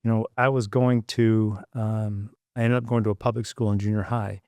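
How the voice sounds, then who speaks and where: A man in his sixties, a podcast guest telling stories of his upbringing. He rambles through his memories with frequent asides and restarts, in a somewhat low voice. The recording is close and dry. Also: level tone, normal speed, a little mellow, dry recording. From Michigan, United States. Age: 60s. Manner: rambling, many fillers and restarts. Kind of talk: reflective storytelling.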